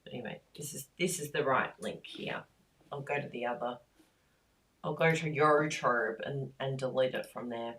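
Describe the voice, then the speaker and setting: Woman, craft live-stream host, gushing and chatty, deep-ish voice. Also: moderate pace. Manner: chatty, easily excited, gushing. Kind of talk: casual live-stream chat.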